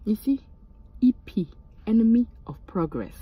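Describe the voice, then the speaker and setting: A young woman, casually telling a storytime and switching into high, animated quoted voices. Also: a little fast, no echo, low-quality recording. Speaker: vlogger.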